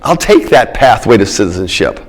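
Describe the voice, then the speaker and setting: A man's voice: on the low side, very animated, moderate pace. Emphatic middle-aged male lecturer. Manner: emphatic, repeats key words, checks in with "all right?". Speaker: political science lecturer. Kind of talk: public lecture.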